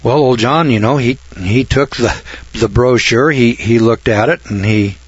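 An older man telling a folksy anecdote, halting and rambling, often clearing his throat and slowing down for the punchlines. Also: mid-range voice, dry recording, muffled recording. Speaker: storyteller.

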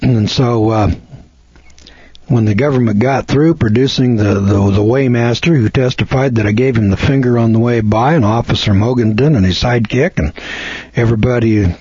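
Man, seminar speaker, folksy storytelling lecture, husky voice, dry close sound. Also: medium pitch, moderate pace, warm tone, no echo. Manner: folksy, colloquial, emphatic. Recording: dull lo-fi recording.

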